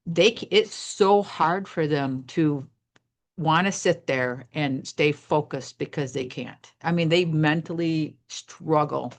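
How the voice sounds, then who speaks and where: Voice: medium pitch, takes it slowly. A retired teacher in their sixties, speaking emphatically in a casual podcast conversation. They stress points by repeating words. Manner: emphatic and repetitive.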